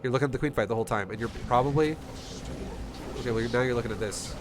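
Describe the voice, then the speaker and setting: With a runny nose and a mid-range voice, a man talks quickly as he coaches a player through a StarCraft replay on a laid-back stream. He's heated, blunt and swears a lot, and there's background noise plus music running underneath.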